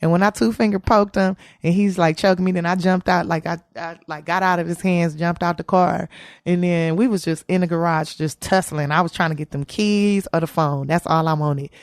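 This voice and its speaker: A woman's voice: on the low side, fairly even intonation, a little fast, dry recording, studio quality. A woman, a comedian guest, telling a candid story in an interview with slangy, profane speech and frequent laughter.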